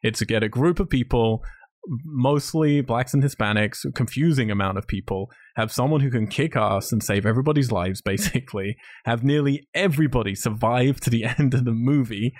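A man's voice: mid-range voice, fairly quick, darkish tone, no room sound. Male podcast co-host, blunt and sweary, dry recording. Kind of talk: casual film review chat.

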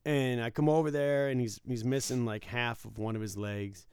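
A man chatting casually as a casino dealer, telling a story and acting out the other people's lines loudly. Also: mid-range voice, normal speed, clear, resonant tone, no echo. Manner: animated storyteller, acts out quotes loudly. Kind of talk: casual podcast chat.

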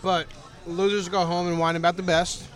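A man co-hosting a podcast, throwing out quick, blunt wisecracks in a casual chat. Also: high-pitched, level tone. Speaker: podcast co-host.

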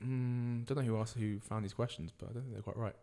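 A man's voice: mid-range voice, fairly even intonation, quick pace, mellow. A man, a podcast guest, answering quiz questions in casual banter, swearing freely and correcting the questions.

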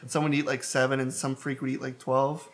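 A man's voice: medium pitch, level tone, fast. A young man co-hosting a podcast, rambling through stories with lots of fillers and swearing. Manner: crude, rambling with many fillers. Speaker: podcast co-host. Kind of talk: casual chat.

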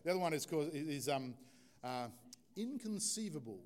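A man's voice: on the high side, brisk, darkish tone. A male pastor delivers his sermon in a chatty, easygoing way. He keeps it informal and jokes with the congregation, a church setting behind his words. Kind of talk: conversational sermon.

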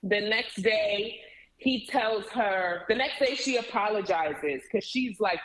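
A woman telling a story in casual chat, emphatic and animated, acting out what people said. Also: medium pitch, takes it slowly, reverberant, low-quality recording. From Caribbean family background. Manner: animated, emphatic retelling with acted-out quotes.

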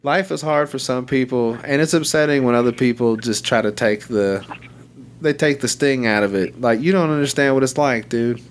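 A man talking casually on a podcast, rambling through a story with plenty of swearing. His voice sits at an ordinary pitch, with a faint hiss of noise under it. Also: normal speed. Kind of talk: casual chat.

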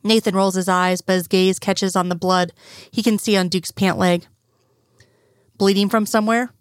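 Woman reading fanfic out loud, steady even pace, dry no-room sound. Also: lowish voice, moderate pace, smooth, no room sound. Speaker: audiobook narrator. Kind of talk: fan fiction story reading.

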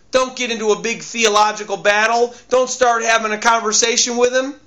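A man's voice: very high-pitched, steady tone, brisk, pushed and bright, lo-fi sound. A male pastor preaching a sermon emphatically and repeating his key phrases.

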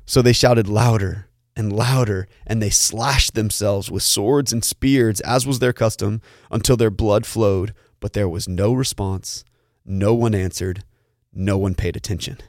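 A man's voice: on the low side, fairly even intonation, measured pace, darkish tone, no echo, clean studio sound. A man preaching as a pastor, telling a story in earnest and often repeating words as he restarts. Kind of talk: sermon storytelling.

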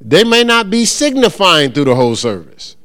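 A middle-aged pastor gives an informal teaching talk to his congregation in a high-pitched voice at normal speed. He's relaxed and animated, playing the voices of churchgoers and callers and stopping frequently to check in with listeners.

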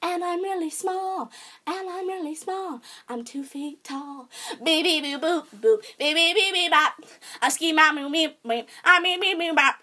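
A woman's voice: extremely high pitch, monotone, drawn-out words, sharp tone, exaggerated voice. A woman voicing a goofy little female alien musical guest who sings beeping nonsense songs. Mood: silly.

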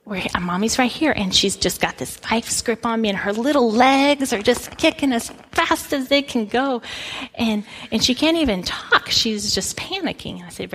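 A middle-aged woman pastor giving a sermon, telling a personal story in a relaxed, conversational way with frequent restarts. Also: fairly high pitch, normal speed, slightly rough.

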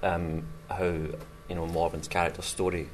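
A man, an actor, talks about his character in a measured way, searching for words. His voice is very deep, with a faint hum of ambience behind. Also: flat delivery. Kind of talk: interview.

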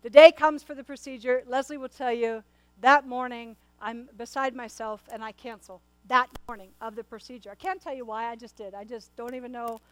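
A middle-aged woman pastor preaches a sermon, telling her congregation a personal story and addressing them directly in an earnest, conversational way, often repeating and restarting her words. Her voice is fairly high with fairly even intonation and a slightly quick pace. The recording is dry and of poor quality.

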